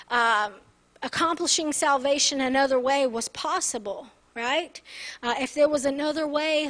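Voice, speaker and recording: A woman's voice: sits high, a bit bright. A woman pastor preaching an earnest sermon, often turning to the congregation with "right?".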